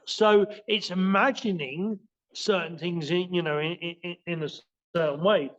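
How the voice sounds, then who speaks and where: Male martial arts teacher as a podcast guest; high voice, loose rambling delivery, muffled lo-fi recording. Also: unhurried, a bit bright. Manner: rambling, with many restarts and fillers. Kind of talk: casual spoken explanation in a podcast interview.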